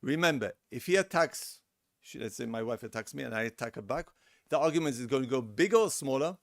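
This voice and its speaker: A man's voice: medium pitch, animated, brisk, creaky, no echo, clean studio sound. Man lecturing on relationships. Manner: conversational, acts out example lines, repeats words. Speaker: seminar lecturer. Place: lecture room.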